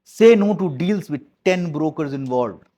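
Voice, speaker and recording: An animated man with a fairly high, dark-toned voice speaks unhurriedly. Coaching his business team, he gives a motivational talk that's emphatic and blunt, hammering key phrases and sprinkling in mild swearing.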